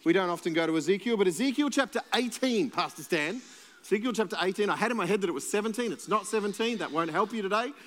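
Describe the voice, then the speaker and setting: A man's voice: sits high, expressive, fast talker, fairly bright tone, long reverb tail. A man with an Australian accent, a pastor preaching a sermon in a conversational, playful way and joking with the congregation.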